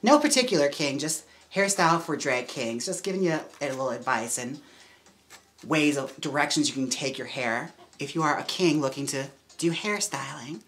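A woman's voice: sits low, expressive, moderate pace, a bit bright. A woman hosting a casual livestream while styling a wig. She is chatty and giggly and says "like" a lot. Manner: chatty, giggly, heavy use of "like".

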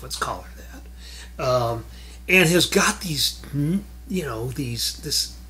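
A man's voice: on the high side, bright, forceful tone. A man hosting a casual film commentary, rambling and correcting himself as he talks about what he has been watching. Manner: rambling, self-correcting, chuckling asides. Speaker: film critic host.

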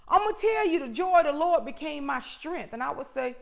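A middle-aged woman hosting her own show, preaching a personal testimony in an emphatic way that swings from loud to hushed. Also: sits high, animated, a little fast, creaky, hardly any pauses. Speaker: host and motivational speaker.

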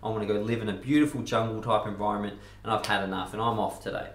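A man's voice: on the low side, flat delivery, racing, a little hiss or hum, close to an everyday voice. A man voicing a scheming male scorpion in a spoken fable, pleading and insistent, in a roomy-sounding recording. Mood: restless. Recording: roomy echo.

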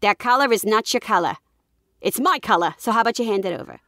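A woman's voice: medium pitch, lively intonation, fast, fairly bright tone, dry recording, clean studio sound. A woman voicing a blunt, pushy woman with a New York accent, brash and direct.

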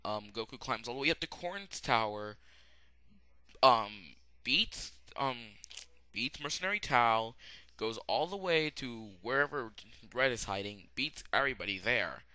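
A young man giving a rambling, casual spoken anime review, full of fillers and sudden excited outbursts. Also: mid-range voice, a little slow, no room sound. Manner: rambling, many "um"s, bursts of loud excitement.

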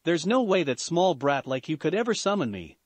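Man voicing Gamabunta, gruff giant toad boss. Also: on the high side, sing-song, normal speed, no room sound. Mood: angry. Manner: loud, growling, bossy. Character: huge gruff male toad boss, hot-tempered.

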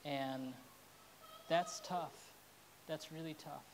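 A woman's voice: low voice, steady tone, drawn-out words, a little hiss or hum. A woman pastor preaching a sermon in an earnest, heartfelt way, at times openly emotional.

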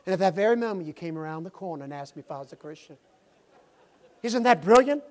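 A man preaching a sermon, telling a story with lively swings from loud exclamations to hushed asides. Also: sits high, fast talker. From Tennessee, USA. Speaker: pastor. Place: church sanctuary.

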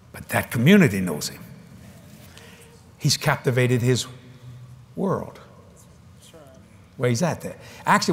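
A man preaching at a convention, telling a story in a folksy, animated way with frequent restarts, speaking into a stage microphone before a congregation. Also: mid-range voice. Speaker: evangelist preacher. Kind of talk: storytelling sermon.

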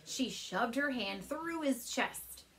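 A woman teacher reading a children's chapter book aloud from her couch at home, speaking gently and warmly to young listeners. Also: on the high side, slow pace. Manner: gentle, animated storyteller addressing kids.

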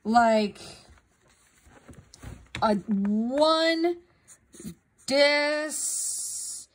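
A woman's voice: sits high, expressive, drawn-out words. A woman art teacher talking casually through a drawing demonstration, often checking in with "right?". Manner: casual, tags sentences with "right?".

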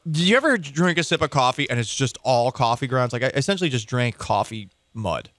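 A man's voice: medium pitch, animated, brisk, a bit bright, no room sound, studio quality. Opinionated man on sports radio. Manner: opinionated, conversational, self-correcting. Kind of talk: sports talk radio commentary. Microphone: studio microphone.

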